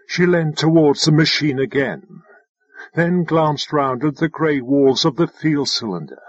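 A man reading scripted fiction narration in a measured storytelling manner. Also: fairly high pitch, slightly rough, no room sound, lo-fi sound. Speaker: audiobook narrator.

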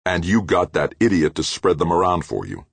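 A brutal, hot-tempered man who threatens and snarls, read by a male narrator with a very deep, gravelly voice. he draws out his threats slowly and with menace, rough and husky in a dry, close sound. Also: big pitch swings, no room sound, full character voice. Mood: menacing.

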